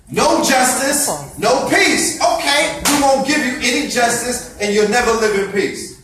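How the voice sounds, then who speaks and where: A man lecturing a gathering with fiery, preachy intensity, stacking up one rhetorical question after another. His voice sits high and sounds sharp and bright. It is caught from a distance in a very echoey room. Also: a little hiss or hum. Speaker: speaker addressing a gathering. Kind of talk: impassioned lecture. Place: indoor event space. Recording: echoey room, voice far from mic.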